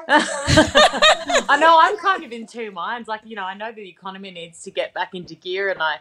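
A woman's voice: on the high side, very animated, normal speed, crowd noise. A woman in her thirties with an Australian accent, chatting casually and laughing often. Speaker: podcast guest. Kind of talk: casual chat.

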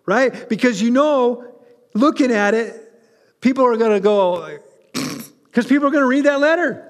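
A man preaching a sermon, animated and conversational, with asides to the congregation. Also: very high-pitched, unhurried, long pauses, big-room sound. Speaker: pastor.

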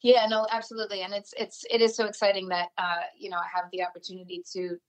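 A woman musician guest in a casual interview over a video call, talking warmly with many fillers and restarts. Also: mid-range voice, completely flat delivery, fast talker, poor audio.

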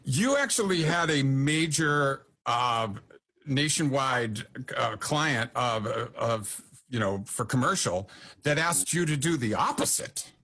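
A male podcast host with a bright, slightly husky tone. He chats casually and enthusiastically, praising his guest. His delivery is eager and upbeat. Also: medium pitch, expressive, slow pace. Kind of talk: casual interview chat.

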